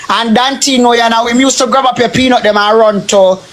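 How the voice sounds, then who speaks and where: High-voiced Jamaican man ranting hotly. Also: steady tone, a little fast, a bit bright. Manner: heated, repetitive, heavy swearing. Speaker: social media live streamer. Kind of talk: angry live-stream rant.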